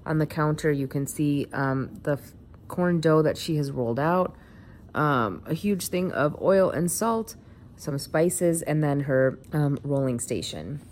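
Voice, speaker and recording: A woman's voice: low-pitched, a little slow, a little mellow, a little hiss or hum. A woman reading a feature article aloud in a plain narrating delivery.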